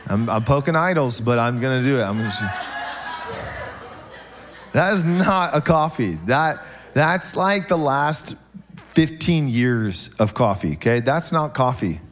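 A man preaching a sermon in church, animated and joking with the congregation, often checking in with "okay?". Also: medium pitch, a little slow, soft background music, a faint crowd. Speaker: pastor.

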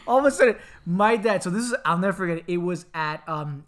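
Talking quickly, a man from Miami shares a family story in casual conversation. He's animated and laughing, slipping into squeaky voices to imitate people.

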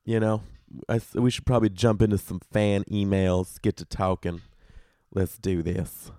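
A man's voice: fairly low pitch, level tone, moderate pace, mellow, dry recording, clean studio sound. A young man hosting a podcast alone, delivering a profane, exasperated comedic rant. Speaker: podcast host.

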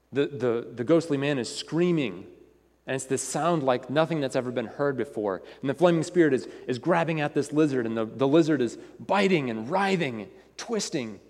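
A man's voice: mid-range voice, expressive, moderate pace, darkish tone. Earnest male preacher in a reverberant hall. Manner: earnest, repetitive, with frequent restarts. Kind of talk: sermon.

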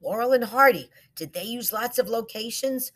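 A woman's voice: normal speed, fairly bright tone. A woman voicing Bella, a startled 55-year-old woman who hears ghostly voices at night, speaking in an urgent, breathless way. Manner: breathless, urgent, rising pitch.

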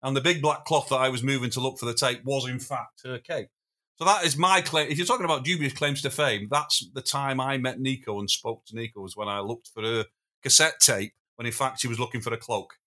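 Rambling, bright-voiced male storyteller. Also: medium pitch, brisk. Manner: rambling storyteller, self-interrupting, chuckling. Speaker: podcast guest, former drummer. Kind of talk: casual anecdotal chat.

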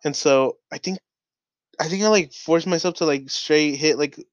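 Here a young man with a slightly high voice hosts his podcast at a normal speed, rambling casually through a story thick with "like" fillers and swear words. It's a dull, lo-fi, dry recording.

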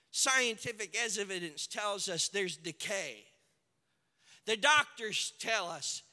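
A male pastor preaching a sermon, retelling scripture scenes with animated storytelling and building to shouted climaxes. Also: high voice, in a large hall.

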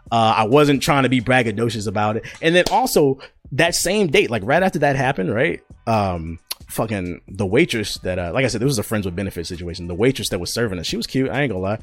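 On a close mic with a dry recording, a young podcast host talks at medium pitch. He spins stories in a relaxed, slangy conversation, swearing freely and leaning on plenty of fillers.

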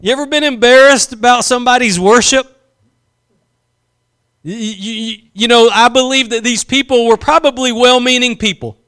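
A man's voice: extremely high pitch, normal speed, a bit bright, smooth. A man preaching a sermon, impassioned, drawing out key phrases for emphasis and acting out quotes.

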